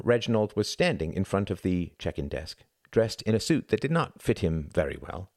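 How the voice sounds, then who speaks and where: Low-voiced male audiobook narrator. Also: darkish tone, no echo, clean studio sound.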